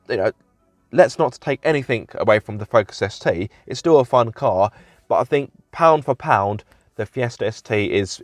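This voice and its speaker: A man's voice: medium pitch, dry recording. A man hosting a casual car review, talking from inside a car, chatty and self-deprecating with plenty of fillers.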